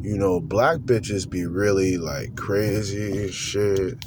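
A man mocking a crude, whiny, lonely young man in a low, drawling mumble, recorded in a car. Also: takes it slowly, background noise. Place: parked car.

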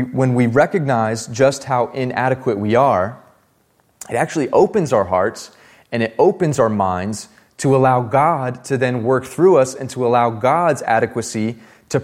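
A man's voice: medium pitch, a little mellow. A male pastor preaching a sermon in a conversational way, voicing the Bible dialogue himself.

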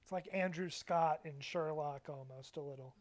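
A man's voice: fairly high pitch, normal speed. A man co-hosting a casual movie podcast, offering dry, matter-of-fact quips about the film. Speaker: podcast co-host. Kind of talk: casual movie watch-along chat.

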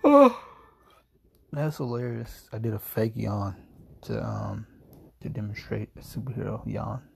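A sleepy young man talks loosely through his own podcast from home, yawning as he goes and joking around in a laid-back ramble. His voice is dark and heavily husky, thick with gravelly fry. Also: fairly low pitch, huge pitch swings, normal speed. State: groggy and yawning, just woke from a nap. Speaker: podcast host. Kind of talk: casual solo podcast chat.

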